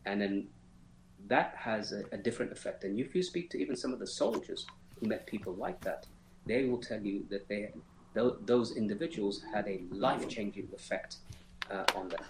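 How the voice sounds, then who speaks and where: A man's voice: fairly low pitch, moderate pace, darkish tone, slight background noise. Earnest man speaking in a roomy space. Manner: earnest, emphatic, with restarts and faith phrases. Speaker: interview guest, former detainee. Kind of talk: reflective interview answers. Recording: roomy echo.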